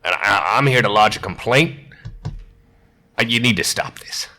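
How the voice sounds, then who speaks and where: Casting: man doing a low, bright-edged goblin sewer dweller, grumbling and indignant. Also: expressive, moderate pace. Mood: aggrieved. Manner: indignant, stammering complaints. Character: grumpy male goblin sewer cleaner.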